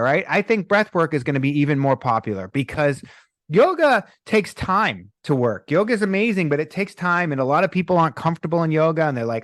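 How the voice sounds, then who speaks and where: Animated middle-aged man, dry sound. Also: fairly high pitch, dry recording. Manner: animated storytelling, acts out quoted people. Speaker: breathwork coach. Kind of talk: podcast interview.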